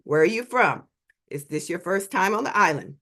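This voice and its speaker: Here a friendly, chatty local man keeps firing off easy questions, as a woman quotes him in her own storytelling voice. He stays casual and conversational, with a lively rise and fall in the pitch. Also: normal speed, full character voice. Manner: chatty questions, then insistent repetition.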